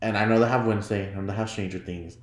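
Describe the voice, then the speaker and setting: A man hosting his own podcast in casual solo chat, chatty and giggly, often jumping into high mock voices when he quotes himself. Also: fairly even intonation, fast, echoey room. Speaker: podcast host.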